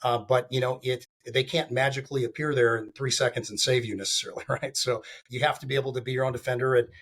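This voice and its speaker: A man's voice: mid-range voice, steady tone, fast talker, a bit bright. A man speaking as a guest on a podcast interview, talking in a rambling way with lots of fillers and restarts. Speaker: guest, firearms training company founder.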